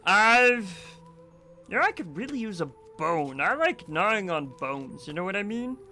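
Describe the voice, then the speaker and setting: A man's voice: sits high, sing-song, measured pace, pushed and bright, soft background music, pitched above the performer's own voice, exaggerated voice. A man voicing a simple, easygoing male dog who rambles about wanting a bone. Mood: rambling. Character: laid-back simple male dog, Birch.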